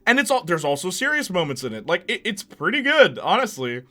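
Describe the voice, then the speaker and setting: Hyped guy doing a movie ranking, bright sharp voice, bouncy pitch, slangy, laughs a lot. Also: a little fast. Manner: excitable, laughs often, slangy. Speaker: host. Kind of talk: casual movie ranking commentary.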